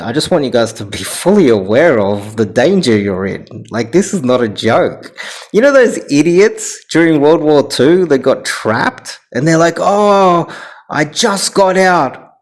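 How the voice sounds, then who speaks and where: A man's voice: mid-range voice, darkish tone. A man with an Australian accent giving reaction commentary in a ranting, sarcastic manner.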